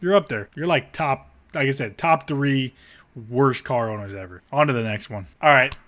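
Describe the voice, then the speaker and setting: A man with a bright, forceful voice tears into car listings in a blunt, sarcastic rant. He swears freely and mocks what he reads, talking like a car channel host reacting on camera. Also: mid-range voice, moderate pace. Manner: blunt, profane, sarcastic ranting. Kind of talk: ranting commentary on car listings.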